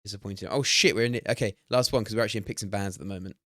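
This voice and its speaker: A young man streaming a game, talking excitedly, swearing and laughing at himself. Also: on the low side, very fast, no echo, studio quality. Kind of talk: live-stream gameplay commentary.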